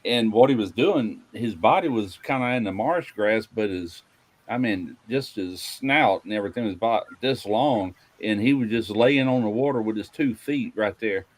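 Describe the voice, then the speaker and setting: Guy, kinda low voice, rambling stories, keeps saying anyway. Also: moderate pace, low-quality recording. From Mississippi. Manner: rambling anecdotes with fillers like "anyway" and "you know". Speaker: podcast host. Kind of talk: casual storytelling chat.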